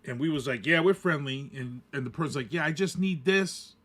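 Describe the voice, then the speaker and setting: A man's voice: on the high side, fairly quick, fairly bright tone, husky. A man co-hosting a podcast, chatting casually and animatedly acting out quotes while telling a story. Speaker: podcast co-host. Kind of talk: casual chat.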